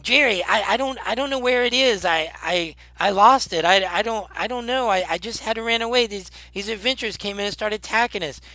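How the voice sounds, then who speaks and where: A man's voice: high voice, fairly quick, hardly any pauses, bright, forceful tone, no echo, voice pushed up, low-quality recording. A man voicing a panicky male goblin in a tabletop game, stammering and flustered. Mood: panicked. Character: panicky male goblin who fled a fight.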